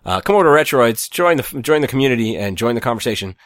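A man's voice: mid-range voice, quick pace, no room sound. Male podcast co-host, easygoing chat, dry close-miked sound. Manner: relaxed, laughs easily, reads out show plugs.

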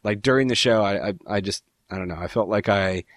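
A man's voice: on the low side, a little fast, a bit bright, no room sound, studio quality. A man hosting a podcast in casual chat, often restarting and repeating words as he talks. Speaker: podcast host.

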